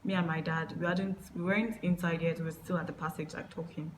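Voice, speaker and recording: Lowish-voiced woman telling a halting story. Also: flat delivery, background noise. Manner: halting, many fillers and restarts. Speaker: vlogger. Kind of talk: personal storytime monologue.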